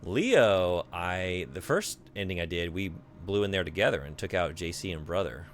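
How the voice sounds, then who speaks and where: A man's voice: low voice, animated, normal speed, a little hiss or hum. A man streaming a video game in casual chat, thinking aloud, rambling and answering his viewers as he plays.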